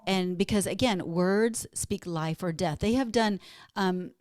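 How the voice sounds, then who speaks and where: A woman's voice: mid-range voice, measured pace, darkish tone, no echo. Upbeat woman from minnesota telling stories, dry close mic. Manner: upbeat, storytelling, motivational. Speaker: fitness and wellness guest. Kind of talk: podcast interview.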